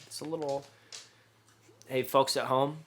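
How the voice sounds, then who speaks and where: A man co-hosting a podcast, chatting casually while tasting snacks, rambling and joking with loud bursts of laughter. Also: mid-range voice, flat delivery, a little slow, a little hiss or hum. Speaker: podcast co-host.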